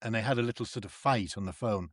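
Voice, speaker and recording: A man from North East England, a comedian and actor chatting as a guest and acting out the people in his stories with big leaps in pitch. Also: fast, no room sound, studio quality. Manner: animated storyteller who acts out quoted people with big pitch jumps. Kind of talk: casual chat.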